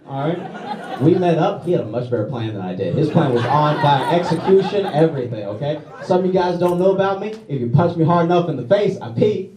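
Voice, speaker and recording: A man's voice: a little high, expressive, fairly quick. A man from Louisiana doing a stand-up comedy set, self-deprecating, tagging his lines with "all right?" and "okay?". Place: comedy club stage before a laughing audience. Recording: roomy, distant club recording with crowd.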